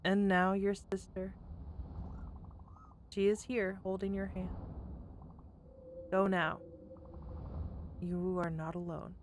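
A woman reading aloud the lines of a gentle spirit of death from a video game, in a slow, hushed, solemn voice. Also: mid-range voice, level tone, slight background noise, voice pushed down, lightly acted. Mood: tender.

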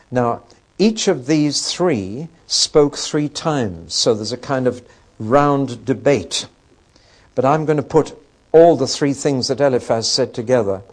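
A man's voice: mid-range voice, breathy edge. A man giving a conversational Bible lecture, with wry asides and rhetorical questions to his audience. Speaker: Bible teacher.

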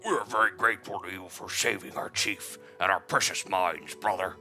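A man's voice: sits low, normal speed, bright, forceful tone, exaggerated voice. Man doing a hulking friendly game creature, male, hammy cute monster voice, strange timbre, faint music behind. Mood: grateful. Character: big friendly rock-creature Goron, male. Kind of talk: reading game dialogue aloud.

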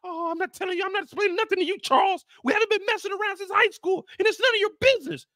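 A man voicing a defiant, fed-up middle-aged wife in a raised, sassy falsetto. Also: rapid-fire, pushed and bright, no room sound, studio quality.

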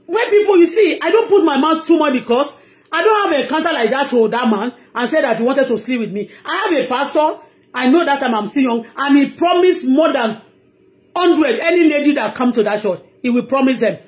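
High-voiced Nigerian woman ranting. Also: a little mellow. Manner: emphatic, heated, repeats herself. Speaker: online blogger. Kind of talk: impassioned live monologue.

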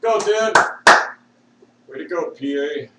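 A man rants at a slow, dragging pace and curses constantly, lurching from shouts to mutters with a fairly high voice that swings up and down. He sits well back from the mic in a bare, echoey room, and a faint hiss runs under everything. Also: lively intonation, recorded from a distance. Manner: swears constantly. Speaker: vlogger. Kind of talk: rambling profane rant. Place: at home with a dog.

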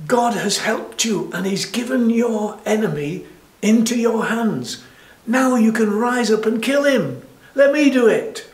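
A man's voice: very high voice, animated, unhurried, roomy sound, voice pushed up, exaggerated voice, low-quality recording. A man voicing an eager male soldier who speaks insistently.

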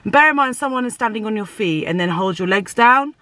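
A woman's voice: fairly high pitch, animated, fairly quick, pushed and bright, dry recording. A woman chatting casually to her phone for a vlog, telling stories, swearing freely and laughing often. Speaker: vlogger. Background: music.

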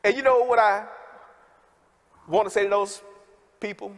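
A man with a notably high voice preaches to a gathered congregation, folksy and direct, calling out to the people in the pews. His words ring out with a long reverb from the big worship hall. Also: steady tone, moderate pace. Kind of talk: sermon.

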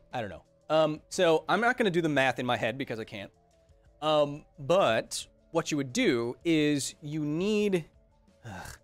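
A young man with a medium-pitched voice, recorded dry, hosts a laid-back science livestream. Animated and joking, he reads viewer comments aloud and explains terms with jokes as he goes.

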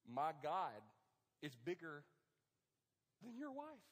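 A man preaching in a high-pitched voice, swinging between quiet asides and loud, punchy emphasis. He jokes with his congregation as he drives his points home. The sound carries the long reverb of a large hall. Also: takes it slowly. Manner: animated, joking, preaching to men. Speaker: pastor. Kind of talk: sermon.

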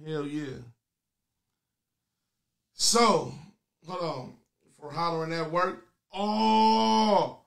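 A man hosting a comedy call-in show with loud, crude, taunting banter aimed at his callers. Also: on the high side, extremely slow, creaky, long pauses.

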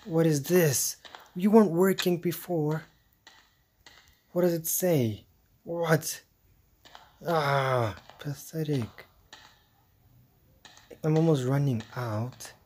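A man playing a horror game, muttering jittery, exasperated commentary with hushed asides. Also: a little high, takes it slowly, pauses often, slight background noise. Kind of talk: let's-play commentary.

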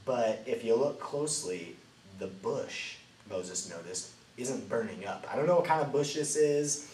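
A man teaching a children's Bible lesson as a lively storyteller, swinging between loud and hushed delivery. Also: mid-range voice, measured pace. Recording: roomy, distant mic, faint ambient noise.

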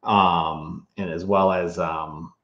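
A man with a very low voice, talking as a guest expert in a loose, rambling way with frequent ums. His audio sounds roomy and a bit muffled, as if it came through a remote call. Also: fairly even intonation, slow pace. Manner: rambling, many fillers and restarts. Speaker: toy historian and author, guest. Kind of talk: casual interview talk.

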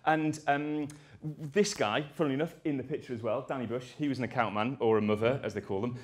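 A man's voice: medium pitch, quick pace. A man giving a conference talk, rambling and self-deprecating, with jokey asides. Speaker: conference speaker.

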